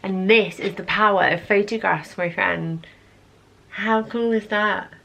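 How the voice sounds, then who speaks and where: A woman's voice: medium pitch, measured pace, gravelly, a bit bright. A young adult woman vlogging casually to camera, chatty and nostalgic, full of "like" and "oh my gosh".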